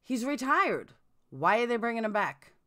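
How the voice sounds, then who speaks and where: A woman's voice: a little high, big pitch swings, normal speed, bright, forceful tone. A woman hosting a casual live stream, chatting and answering viewers' comments. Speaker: true crime live streamer.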